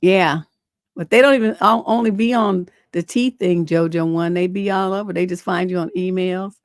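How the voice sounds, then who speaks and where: On her advice livestream, a middle-aged relationship coach with a lowish voice speaks at a moderate pace in a steady tone. She's blunt, cusses freely, and rambles with many fillers as she shares stories and reads letters from viewers, all in close, dry audio with no echo.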